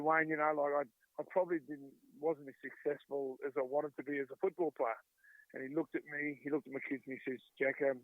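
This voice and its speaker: A man's voice: on the high side, no room sound. A man in his fifties with an Australian accent, a former player telling chatty anecdotes in an interview, acting out the voices he quotes. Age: 50s. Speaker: guest, former rugby league player. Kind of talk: storytelling interview talk. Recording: dry, tinny phone-like line.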